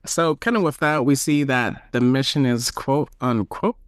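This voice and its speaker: A man's voice: mid-range voice, normal speed, smooth, no echo, studio quality. A podcast host casually recapping a show and acting out lines of dialogue as he goes, laughing along the way. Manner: animated retelling with acted quotes and laughs. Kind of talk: casual review chat.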